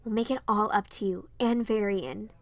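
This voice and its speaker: A woman voicing a kind young princess who speaks softly and soothingly, reading fan fiction aloud. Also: mid-range voice, steady tone, normal speed, no room sound, natural voice. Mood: gentle. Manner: soft and soothing.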